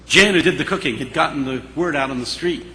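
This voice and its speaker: Gravelly, bright preacher telling a story. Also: male voice, fairly high pitch, fast talker, slight background noise. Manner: animated, dramatic storyteller. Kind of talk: sermon storytelling. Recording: echoey church hall.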